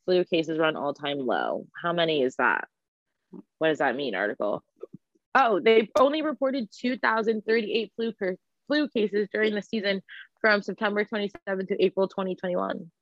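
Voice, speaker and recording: A woman's voice: mid-range voice, normal speed, dry recording. A young woman with a New Jersey accent, co-hosting a casual podcast and telling stories with lots of "like.". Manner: chatty, animated storytelling with lots of "like". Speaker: podcast co-host. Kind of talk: casual chat. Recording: dry, dull lo-fi sound.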